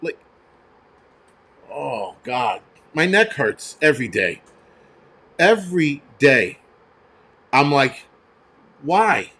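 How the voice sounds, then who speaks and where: Man, livestream host, firefighter, profane, ranting, slightly high voice. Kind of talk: livestream rant and storytelling.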